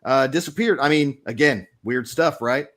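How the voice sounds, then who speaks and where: Lightly acting, a medium-pitched man speaks at a moderate pace while running a tabletop role-play, playing a gossipy, middle-aged small-town newspaper reporter. The character rambles conspiratorially and confides.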